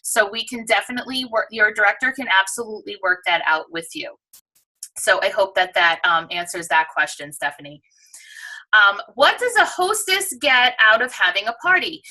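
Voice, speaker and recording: A woman with a New York accent giving an enthusiastic, persuasive sales pitch to prospective sellers. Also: normal speed, bright, forceful tone, poor audio. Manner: enthusiastic, persuasive, acts out shoppers' voices. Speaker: direct sales presenter.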